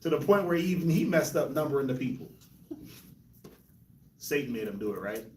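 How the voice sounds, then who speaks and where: A man's voice: medium pitch, expressive, brisk, darkish tone, echoey room, recorded from a distance, slight background noise. A man hosting a casual Bible discussion, laughing often and talking in loose slang. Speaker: host of a Bible discussion show.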